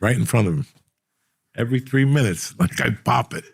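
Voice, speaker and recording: A middle-aged man telling profane stories in a casual, animated way, acting out the people he quotes. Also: mid-range voice, moderate pace, creaky, husky, no echo, clean studio sound. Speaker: podcast host. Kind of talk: casual storytelling.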